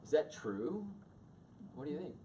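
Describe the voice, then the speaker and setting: Middle-aged male teacher, lively pitch, acts out voices; distant mic, faint room hum. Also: normal speed. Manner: animated, acts out quoted voices. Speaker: teacher leading a class on emotions. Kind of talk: classroom teaching with questions to the audience.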